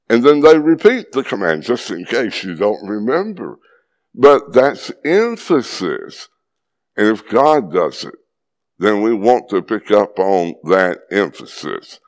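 A man preaching a sermon in an earnest, teacherly way, putting questions to his listeners. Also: mid-range voice.

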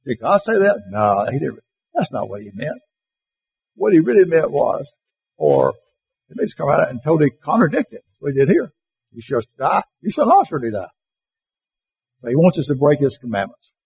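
A man teaching a Bible class, reading verses slowly and with emphasis and putting questions to his listeners. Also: fairly high pitch, very animated, gravelly, a little mellow, muffled recording, slight background noise. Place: classroom or church hall with slides.

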